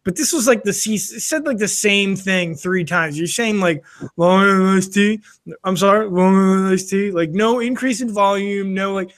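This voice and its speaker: A man's voice: high voice, moderate pace. A man in his thirties co-hosting a casual podcast, telling self-deprecating stories and laughing at himself. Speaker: podcast co-host. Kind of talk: casual chat.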